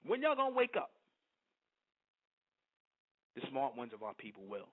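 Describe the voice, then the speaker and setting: A man hosting a radio broadcast, preaching to his listeners in a forceful, emphatic monologue and often stopping to ask "you understand?". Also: mid-range voice, wildly swooping pitch, normal speed. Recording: narrow phone-like radio audio.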